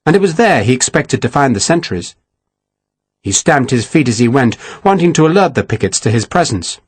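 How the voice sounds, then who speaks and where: A man narrating a historical war novel in a measured, expressive storytelling manner. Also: mid-range voice, slightly rough, no echo. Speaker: audiobook narrator. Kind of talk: scripted narration.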